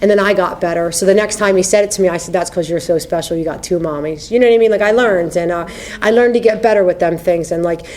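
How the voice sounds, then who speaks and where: A woman's voice: mid-range voice, fast talker, darkish tone. A woman in her thirties telling her recovery story at a meeting, candid and conversational, often adding "you know what I mean". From United States. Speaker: AA speaker sharing her story.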